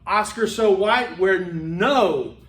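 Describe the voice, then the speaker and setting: A man with a fairly high voice lectures to a class in a loose, chatty way, trailing into fillers and restarting his sentences. The sound rings around a reverberant classroom. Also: slow, fairly bright tone. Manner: conversational, rambling with many fillers and restarts. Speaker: college instructor.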